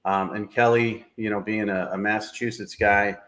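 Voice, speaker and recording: A man's voice: lowish voice, little pitch movement, moderate pace, fairly bright tone. A middle-aged man hosting a sports show, giving blunt, opinionated analysis in casual talk with lots of fillers.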